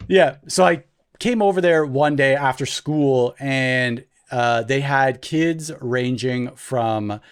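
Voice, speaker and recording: A young podcast co-host with a mid-range, smooth voice takes his time as he tells a story in casual chat. He's animated, loudly acting out the voices he quotes.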